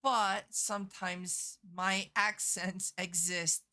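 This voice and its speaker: A woman's voice: medium pitch, steady tone, takes it slowly, pushed and bright. A woman game streamer chatting casually on a live stream, swearing freely and answering her chat.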